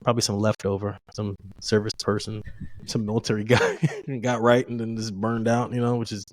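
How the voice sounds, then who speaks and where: A man's voice: fairly low pitch, a little fast, no echo. Rambling, laughing American storyteller man. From United States. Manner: rambling, profane, laughs often, animated retelling. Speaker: podcast co-host. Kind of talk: casual storytelling chat.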